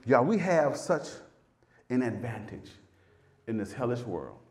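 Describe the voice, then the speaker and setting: A man preaching a sermon with fervor, repeating phrases and swinging from loud peaks to hushed lows. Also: big pitch swings, a little slow, soft background music.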